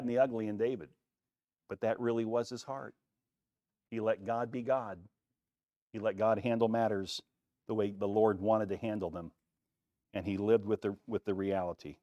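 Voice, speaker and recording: Man preaching with slow emphatic pauses. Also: on the low side, warm tone, no echo, studio quality. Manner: reads quoted passages with rising force, preaches with slow emphatic pauses. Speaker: pastor. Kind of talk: sermon with Bible reading.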